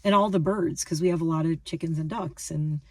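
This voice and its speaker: She's a lifestyle vlogger in her fifties, rambling casually to camera with emphasis, repetition and plenty of restarts. Her low, slightly mellow voice moves fairly quickly with fairly even intonation, recorded dry on a distant mic.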